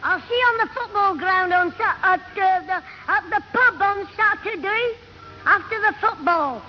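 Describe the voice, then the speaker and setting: A man playing a schoolboy who puts on a gruff, blunt old grandad voice in a 1960s radio comedy. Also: very high voice, moderate pace, faint music behind. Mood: scheming. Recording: dull lo-fi 1960s radio recording.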